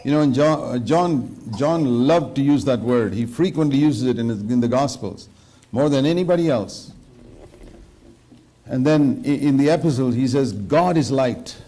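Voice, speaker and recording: Mellow-voiced earnest male preacher. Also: mid-range voice, normal speed. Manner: earnest, questions the listeners directly; quotes scripture verse by verse. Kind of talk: sermon.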